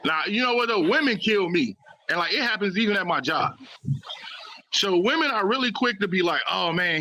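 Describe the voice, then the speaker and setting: Bright high-voiced man, animated. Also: fast talker, dry recording, low-quality recording. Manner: animated, acts out quoted lines in character. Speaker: podcast co-host. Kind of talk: casual chat.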